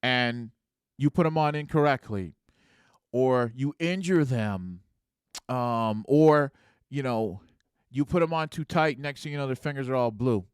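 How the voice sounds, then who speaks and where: Man, podcast host, casual explaining, rhetorical asides, smooth clear voice, dry close sound. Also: medium pitch, measured pace, no room sound. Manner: conversational, rhetorical "right?" asides.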